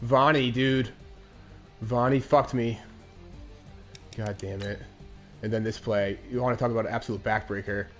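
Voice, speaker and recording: A man's voice: medium pitch, fairly even intonation, normal speed, pauses often, soft background music. A man in his twenties hosting a game commentary show, recapping a lost Madden game in a crude, aggrieved rant. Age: 20s.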